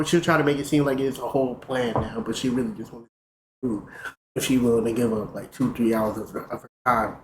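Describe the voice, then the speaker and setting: A young man streaming, casually telling a profane, animated story. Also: medium pitch, fast. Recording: roomy with faint noise.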